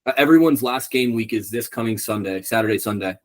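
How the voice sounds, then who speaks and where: Here a young man co-hosting a podcast talks fast in a fairly low voice. His casual chat is rambling and profane, peppered with ums.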